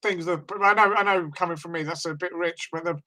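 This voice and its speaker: A man co-hosting a podcast, telling stories in a lively way and laughing along with them in casual chat. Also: a little high, fairly quick, crowd noise, poor audio. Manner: animated storyteller, laughs at his own stories. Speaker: podcast co-host.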